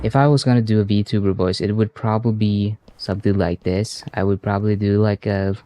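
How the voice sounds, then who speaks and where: A man's voice: fairly low pitch, fairly even intonation, fairly quick, background noise. A man casually commenting over a game he is playing, joking crudely and rambling. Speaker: gaming YouTuber. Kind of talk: casual let's-play commentary.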